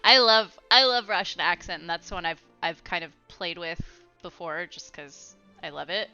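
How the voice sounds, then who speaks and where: Chatty woman with a bright voice. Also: on the low side, expressive, clean tone. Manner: chatty and rambling, quick to laugh. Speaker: streamer. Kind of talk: casual gaming stream chat. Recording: slightly muffled, faint music behind.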